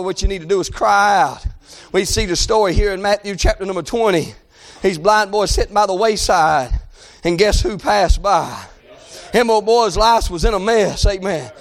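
A male preacher with a strikingly high voice delivers a fervent revival sermon to a church congregation. He often rises to a shout and keeps punctuating his lines with amen and hey. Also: normal speed. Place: church service before a congregation.

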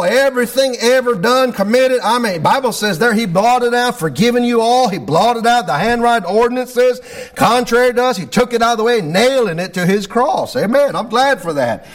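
Middle-aged male pastor, high-pitched, preaching with fervor and a steady stream of amens. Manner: fervent preaching, fills phrases with "Lord God" and "amen". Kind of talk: sermon.

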